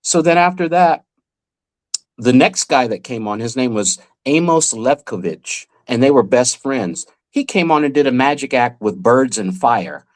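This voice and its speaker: A man in his forties shares stories on a podcast as the guest. He tells them in an animated, vivid way, and his voice sits at an ordinary middle pitch. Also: a little slow. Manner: animated, vivid anecdote telling. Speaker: guest magician and former child actor. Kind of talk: casual podcast storytelling.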